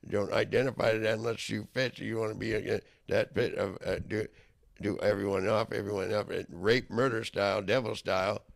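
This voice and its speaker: A man delivering a heated, rambling monologue, profane and swinging into loud outbursts. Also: lowish voice, fairly even intonation, brisk, creaky. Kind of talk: angry ranting monologue.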